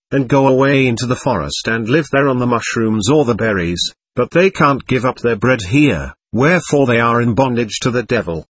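A man's voice: mid-range voice, a bit bright, husky, dry recording. A man voicing a fierce, scornful old ascetic hermit monk in an audiobook reading. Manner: stern, scornful pronouncements.

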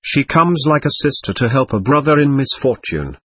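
A man voicing an earnest, gentle young man who pleads kindly and insistently. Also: mid-range voice, very animated, moderate pace, slightly rough, no echo. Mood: pleading.

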